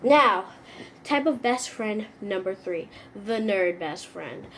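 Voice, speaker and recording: A young woman vlogging in a comedic, animated way, full of sarcasm and acted-out little scenes. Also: mid-range voice, slow pace, a little hiss or hum. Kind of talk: comedic vlog monologue.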